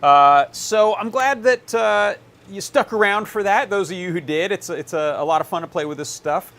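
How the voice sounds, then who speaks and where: A man with a high-pitched voice and normal speed hosts a live electronics workshop. He explains his setup in a relaxed, casual way while tinkering, using plenty of filler words.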